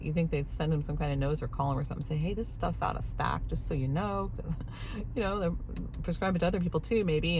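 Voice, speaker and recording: A woman's voice: deep voice, a little hiss or hum. A post-menopausal woman in her fifties chatting casually to camera, rambling and laughing now and then, recorded on a clip-on mic. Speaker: vlogger. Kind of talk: casual vlog chat. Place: in a parked truck.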